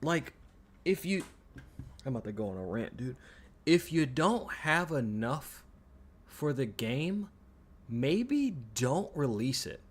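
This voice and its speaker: A man's voice: mid-range voice, big pitch swings, slow pace. A man streaming a video game, ranting in frustration with lots of swearing and restarted sentences. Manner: exasperated ranting, heavy swearing; repeats himself, trailing restarts. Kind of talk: live gameplay commentary.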